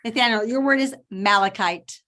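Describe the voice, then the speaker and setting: A woman acting as spelling bee pronouncer, enunciating each word slowly and clearly over a video call. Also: on the high side, pushed and bright. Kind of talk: reading words and sentences aloud.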